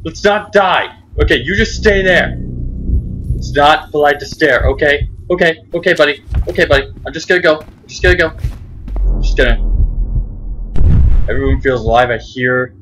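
A man's voice: a little high, brisk, a bit bright, a little hiss or hum, poor audio. A young man hosting his own gaming channel, giving jumpy, frightened commentary on a horror game and muttering to himself.

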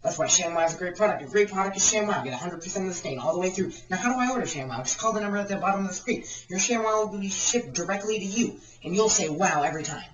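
Rambling mock pitchman in an echoey room. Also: expressive, fast talker, few pauses, lo-fi sound. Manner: rambling, repetitive sales patter. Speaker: parody infomercial pitchman. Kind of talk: mock infomercial. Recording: echoey room, far from the mic.

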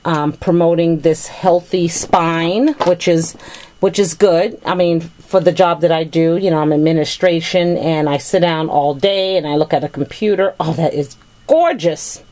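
A woman's voice: on the low side, steady tone, unhurried, darkish tone. A middle-aged woman chatting casually while unboxing a gift package, gushing with thanks over each item. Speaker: vlogger opening a gift package.

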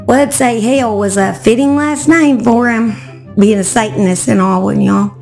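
Hoarse woman telling true crime. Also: fairly high pitch, a little slow, darkish tone, soft background music. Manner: chatty, talks straight to viewers. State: hoarse, voice cracking. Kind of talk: casual true crime storytelling.

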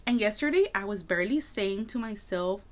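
A woman vlogger chats casually as she does her makeup. She rambles and fills her talk with little filler words. Her voice sits at an ordinary middle pitch. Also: animated, a little fast. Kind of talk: casual get-ready-with-me chat.

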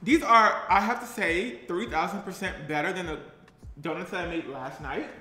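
A man's voice: sits high, moderate pace, pushed and bright. A man playing a tired, chatty young woman baker on a live stream, giggling and reading viewer comments aloud. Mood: perky. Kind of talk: character live stream comedy. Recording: roomy echo, faint music.

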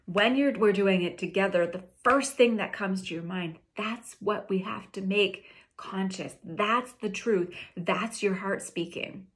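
A woman coaching listeners through an emotional release exercise, giving slow, soothing prompts and sometimes dropping to a soft whisper. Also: medium pitch.

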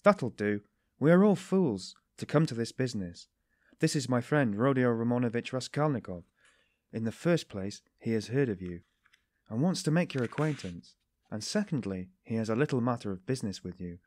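A man narrating an audiobook, voicing a hot-tempered young man who shouts in exasperated outbursts. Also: medium pitch, lively intonation, normal speed, no room sound, close to an everyday voice. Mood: boisterous.

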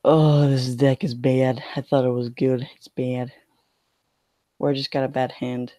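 A man's voice: medium pitch, little pitch movement, unhurried, warm tone, no room sound. A young man streaming a card game, complaining in a whiny, mock-scared way. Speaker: gaming streamer.

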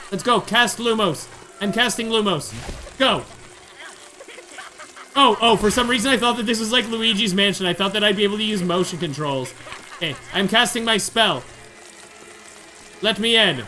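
Let's-play host, male, high bright voice, excitable and chatty, game music faint underneath. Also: moderate pace, pauses often. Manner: chatty, excitable, narrating his own moves. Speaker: gamer doing a playthrough. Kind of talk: casual let's-play commentary.

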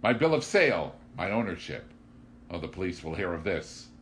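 A man's voice: low voice, fairly even intonation, moderate pace, slight background noise, close to an everyday voice. A man voicing a scheming, cruel businessman who sneers and later screams in outrage. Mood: furious screaming. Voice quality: oily, mocking, then screaming in rage.

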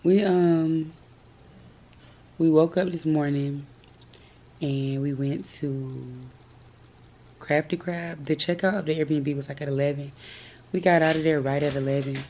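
A young woman in her twenties with a hoarse, worn-out voice, chatting casually to her vlog viewers. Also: low voice, fairly even intonation, unhurried, pauses often, mellow, a little hiss or hum. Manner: chatty, storytelling, slangy. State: hoarse, lost voice. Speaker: vlogger.

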